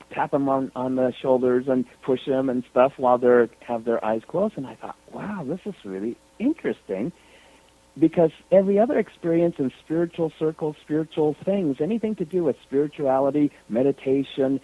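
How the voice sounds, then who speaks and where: Animated man on a tinny phone line. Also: fairly high pitch. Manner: animated, lively retelling. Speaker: radio show guest. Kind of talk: storytelling in a phone-in radio interview.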